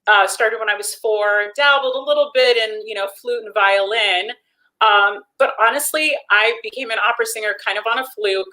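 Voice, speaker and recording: Chatty woman from the D.C. area, bright tense voice, laughs easily. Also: medium pitch, low-quality recording. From Washington, D.C. area. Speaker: opera singer guest. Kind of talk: casual interview chat.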